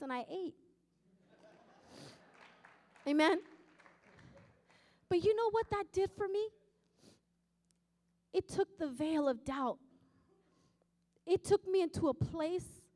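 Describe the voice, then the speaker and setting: A woman preaching in a sermon, telling her story emphatically and swinging from hushed to loud. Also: very high voice, big-room sound. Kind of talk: sermon testimony.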